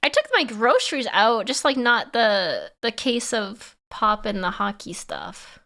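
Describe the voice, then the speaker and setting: A woman livestreamer talks casually to her chat. Her voice is bright and forward and sits a little high, and she laughs between stories. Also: huge pitch swings, a little slow. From Canada. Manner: chatty, laughs often, answers chat.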